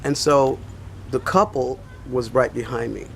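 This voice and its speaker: An older man with a gravelly, creaky voice tells a rambling story, full of fillers and asides. He talks casually, like a pastor chatting with his flock. Faint noise hums behind him. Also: mid-range voice, fairly even intonation, unhurried. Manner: rambling anecdotal telling with many fillers. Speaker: pastor and teacher.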